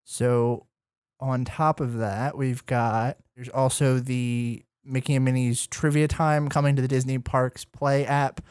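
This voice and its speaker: Smooth-voiced man hosting a podcast. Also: mid-range voice, level tone, unhurried, darkish tone, no room sound, studio quality. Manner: easygoing, filler-heavy news rundown. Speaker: podcast co-host. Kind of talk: casual chat.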